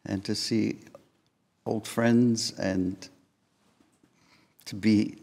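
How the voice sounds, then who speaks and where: An older man beginning a lecture at a podium in a slow, deliberate way. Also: on the low side, level tone, creaky, a little mellow. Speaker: guest lecturer. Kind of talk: opening of a lecture. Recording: distant with long hall reverb.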